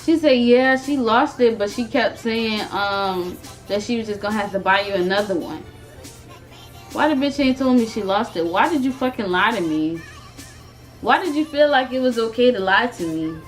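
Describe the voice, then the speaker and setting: A woman in her twenties telling a storytime vlog in a casual, animated, profane way, often laughing as she talks. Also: a little high, moderate pace, faint music behind. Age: 20s. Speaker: vlogger.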